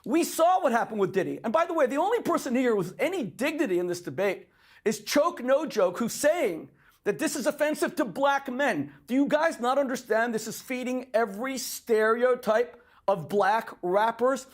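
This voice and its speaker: A man's voice: very high voice, lively intonation, normal speed. A middle-aged man in a heated debate, talking emphatically and insisting again and again on his turn to respond. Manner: emphatic, repeatedly demands to respond. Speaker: debate guest.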